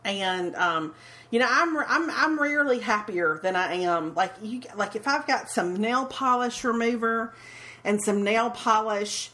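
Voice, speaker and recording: A woman's voice: on the high side, a little slow, bright, forceful tone. A woman, co-hosting a casual podcast chat, talking freely and often restarting and repeating her words. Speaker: podcast co-host.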